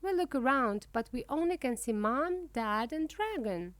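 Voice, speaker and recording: A woman reading a children's storybook aloud in a slow, clear way for young English learners. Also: high voice, lively intonation, no echo. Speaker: narrator. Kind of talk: children's book read-aloud.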